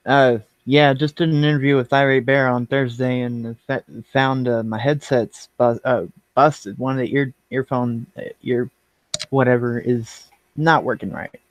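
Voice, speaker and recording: A man's voice: medium pitch, fairly even intonation, unhurried, no echo. Hesitant man on a dry headset. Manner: hesitant, self-correcting. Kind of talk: casual livestream chat.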